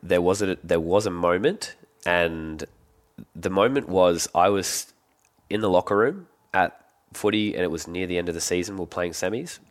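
An Australian man in his thirties, a guest telling relaxed stories in casual conversation. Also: deep voice, moderate pace. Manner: relaxed, animated when quoting others. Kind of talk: casual storytelling.

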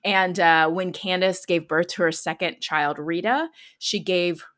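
Chatty woman podcaster, lowish voice. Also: fairly even intonation, a little slow, fairly bright tone. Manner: chatty, lots of "like" fillers, laughs often. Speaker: podcast host telling a true-crime story. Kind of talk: casual storytelling chat.

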